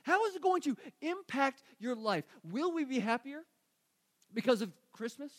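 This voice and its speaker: A man's voice: extremely high pitch, sing-song, normal speed, fairly bright tone. A man preaching a sermon as a pastor, earnest, often repeating phrases and asking rhetorical questions.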